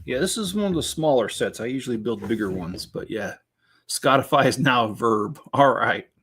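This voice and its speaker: A man's voice: mid-range voice, expressive, moderate pace, a bit bright, breathy edge. A middle-aged man hosting a casual building stream, rambling as he talks to viewers in the chat. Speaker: Lego building channel host.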